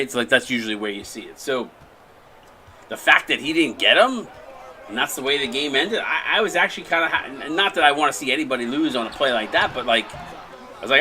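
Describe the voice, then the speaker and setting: Bright-voiced man casting a sim basketball stream. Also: mid-range voice, animated, fairly quick, slight background noise. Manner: rambling, restarts often, thanks viewers. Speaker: play-by-play caster and stream host. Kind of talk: casual live-stream game commentary.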